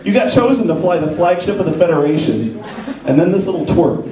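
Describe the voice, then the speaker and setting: A man doing live stand-up comedy on a convention stage, ranting with animated, profane energy. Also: high voice, fairly quick, over a noisy crowd. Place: convention stage, large hall. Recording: echoey hall recording, mic far off. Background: audience laughing.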